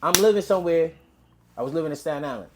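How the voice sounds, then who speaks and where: A man's voice: on the high side, slight background noise. A man telling a story in casual street slang, acting out quoted lines as he goes. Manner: animated street slang, quick quoted dialogue. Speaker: interview guest.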